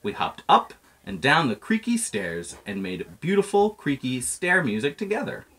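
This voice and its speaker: A man's voice: medium pitch, sing-song, moderate pace, fairly bright tone. A man reading a children's picture book aloud in a playful storytelling manner. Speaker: reader.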